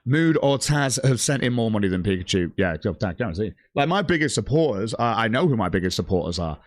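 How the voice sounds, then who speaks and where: A man's voice: medium pitch, no echo, studio quality. A man ranting angrily on his livestream, swearing heavily and reading out chat messages. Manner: profane, heated, reads chat aloud. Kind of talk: angry stream rant.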